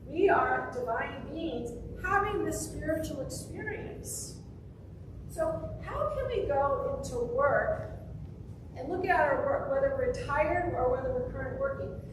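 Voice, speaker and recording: Preaching in a church sanctuary, a woman minister gives a conversational, upbeat sermon packed with personal stories. Her high voice is expressive and unhurried, heard from far off in an echoey hall with background noise.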